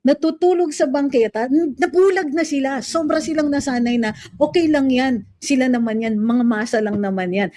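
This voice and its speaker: Filipino woman, mellow dry voice. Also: sits high, no room sound. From Philippines. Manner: mixes Filipino and English, animated and opinionated. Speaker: lawyer commentator. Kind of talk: casual political commentary.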